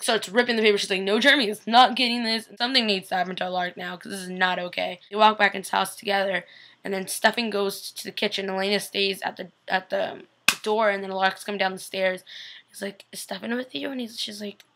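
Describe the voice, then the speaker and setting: A young woman talking excitedly into a webcam at home, breathless and gushing as she recaps. Her voice is bright and a bit sharp, with a gravelly fry underneath. She slips into quick little voices when she quotes people. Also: mid-range voice. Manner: chatty and gushing, acts out quotes. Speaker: vlogger recapping a TV episode. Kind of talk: casual chat.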